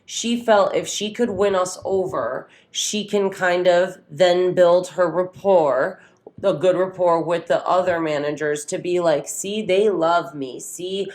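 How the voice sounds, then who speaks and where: A woman's voice: fairly low pitch, measured pace. A woman co-hosting a podcast in casual chat, retelling stories and acting out what others said. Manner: storytelling, animated retelling with quoted voices. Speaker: podcast co-host.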